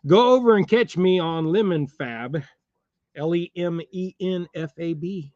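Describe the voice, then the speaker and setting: A man's voice: high voice, a little slow, a little mellow, dry recording, highs cut off. A man hosting a fishing channel, chatting casually on a livestream while tying jigs. He rambles in a folksy way and chuckles often.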